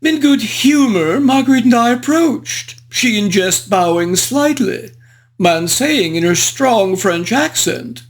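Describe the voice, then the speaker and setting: A performer voicing a frivolous, foppish English aristocrat gentleman, narrating a book review in character with flowery, old-fashioned, genteel diction. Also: medium pitch, animated, slow.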